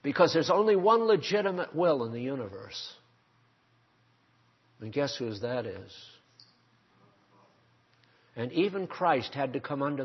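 A man's voice: medium pitch, animated, measured pace, pauses often, breathy edge. An older man preaching a sermon, emphatic and full of rhetorical questions put to his congregation. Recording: dull lo-fi sermon recording.

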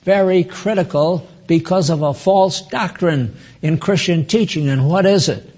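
A man in his nineties giving an informal Bible teaching, slow and chatty, with asides to his listeners. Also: on the high side, darkish tone. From United States. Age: 90s.

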